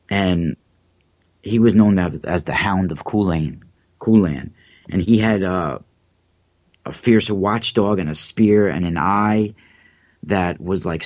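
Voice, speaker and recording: A man's voice: sits low, a little mellow, dry recording, muffled recording. A man hosting a livestream, talking in a rambling, hesitant way with many fillers and restarts. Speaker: livestream host. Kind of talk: casual livestream monologue.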